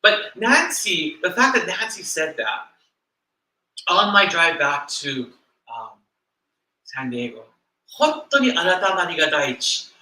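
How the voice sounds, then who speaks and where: A man preaching a sermon as a church minister, earnest and reflective, pausing and repeating words as he speaks. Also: fairly high pitch, big pitch swings, pushed and bright, roomy sound, low-quality recording. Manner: earnest, reflective, with pauses and repetitions. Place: church hall.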